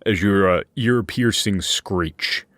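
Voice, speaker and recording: A man running a tabletop game as game master, narrating slowly with fillers and restarts. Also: lowish voice, fairly bright tone, dry recording, studio quality. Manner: slow, hesitant narration with many fillers.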